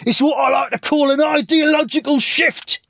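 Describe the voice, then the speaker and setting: Man doing a brash, shouting older singer. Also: very high-pitched, steady tone, normal speed, vocal fry, no echo, studio quality, pitched above the performer's own voice, heavily acted. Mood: cocky. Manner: loud, shouting announcements. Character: brash older male singer, loud and cocky.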